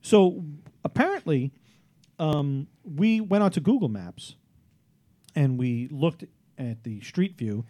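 New guy hosting a podcast, lively up-and-down voice, rambling with lots of "you know". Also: a little high, takes it slowly, long pauses. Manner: animated storyteller, many fillers. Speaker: podcast host. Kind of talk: casual chat.

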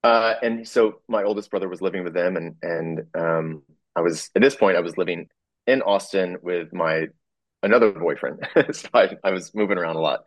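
A man telling a personal story in a halting way, full of fillers, restarts and small chuckles. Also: low voice, no room sound.

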